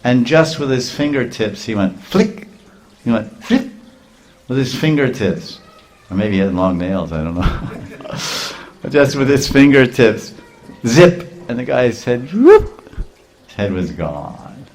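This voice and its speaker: A man preaching a sermon, telling a story in an animated way with frequent chuckles and Sanskrit terms. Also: mid-range voice, unhurried.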